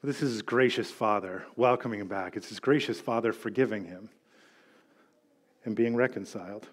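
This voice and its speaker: Male pastor, middle-aged, animated sermon storyteller, voices the quotes. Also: fairly low pitch, moderate pace.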